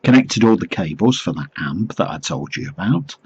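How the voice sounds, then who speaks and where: Dry storytelling man with a husky voice. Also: deep voice, animated, moderate pace, lo-fi sound. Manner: dry, storytelling, self-mocking. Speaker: vlogger talking to group members. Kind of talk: casual chat to camera.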